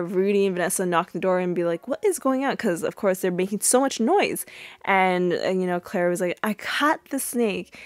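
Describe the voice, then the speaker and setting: A woman recaps a sitcom episode in loose, chatty talk full of "like" and "you know". Her voice sits on the lower side, and the recording is close and dry, with no room around it. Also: no room sound. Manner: chatty, many fillers, acts out quotes in a high squeal. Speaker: podcast host.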